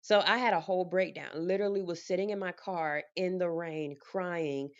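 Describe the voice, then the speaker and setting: A woman vlogger in casual storytime mode, telling her story with lively energy and acting out the conversations. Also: lowish voice, moderate pace, lo-fi sound.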